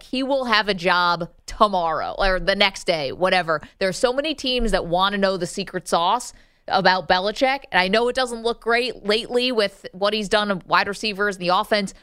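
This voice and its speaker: A woman co-hosting a sports radio show, upbeat and quick to laugh while taking callers. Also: mid-range voice, fairly bright tone, clean tone, dry recording, clean studio sound.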